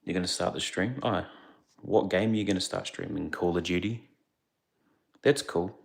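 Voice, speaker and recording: Hushed, deep, gravelly man. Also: moderate pace. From India. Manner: speaking quietly, hushed. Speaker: streamer. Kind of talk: casual livestream chat. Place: indoors away from home, others asleep. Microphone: phone.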